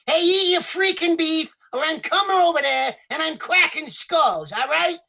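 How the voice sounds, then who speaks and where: A hot-headed movie gangster snaps out brash threats. The voice is pushed up high and sharp, with a heavy gravelly grind under every word. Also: male voice, normal speed, exaggerated voice. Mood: threatening.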